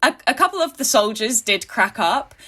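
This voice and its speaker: A woman's voice: a little high, big pitch swings, moderate pace, sharp tone. A young adult woman telling casual anecdotes in an interview, wry and tongue-in-cheek, with frequent fillers and restarts. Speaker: interviewee, activist.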